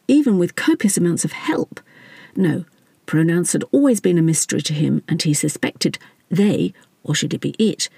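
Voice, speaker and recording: Wry, husky audiobook narrator. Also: mid-range voice, warm tone, no room sound. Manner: wry, satirical.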